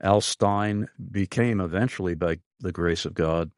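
A man hosting a radio interview show, speaking in an earnest, halting way with frequent pauses. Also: sits low, no echo, clean studio sound. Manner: slow, earnest, halting with many uhs.

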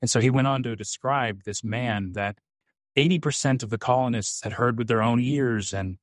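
A man being interviewed as a guest, telling stories in an animated way, quoting himself and often saying "um.". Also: mid-range voice, normal speed, no echo, clean studio sound. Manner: animated, quotes himself, frequent "um". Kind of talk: conversational storytelling.

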